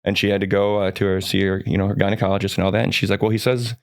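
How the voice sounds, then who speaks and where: A man in his forties with a fairly low voice, telling stories from his life as a guest on a podcast. He rambles with plenty of restarts and keeps an earnest, upbeat tone. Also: level tone, very fast, creaky. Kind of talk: personal storytelling in a podcast chat.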